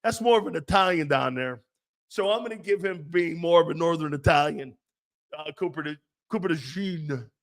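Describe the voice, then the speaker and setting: A brash sports radio host riffs through a loud, profane rant. His man's voice sits a little high, and he keeps cutting in with a laugh. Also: moderate pace.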